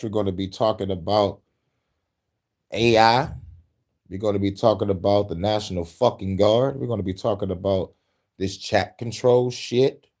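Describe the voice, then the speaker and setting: Loud, profane podcast host. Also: male voice, sits low. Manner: profane, animated, laughs often, shouts at times. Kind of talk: casual rant podcast.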